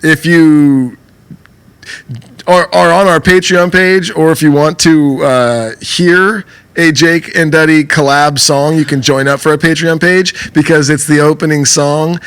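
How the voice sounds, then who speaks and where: A man's voice: a little high, steady tone, measured pace, fairly bright tone, clean tone. A man co-hosting a casual comedy podcast, reading out listener questions in a laid-back, laughing way with easy swearing.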